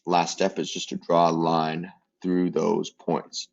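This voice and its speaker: A man giving a casual math lesson, explaining steps with relaxed joking asides. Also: low voice, slow pace, creaky, highs cut off. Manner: relaxed, joking asides while working problems. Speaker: math teacher.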